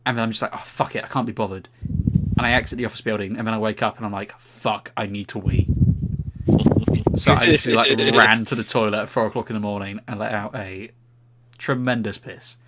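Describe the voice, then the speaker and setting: A man's voice: fairly low pitch, fairly even intonation, quick pace, very noisy. A young British man, co-host of a podcast, telling a funny anecdote in casual chat and swearing freely.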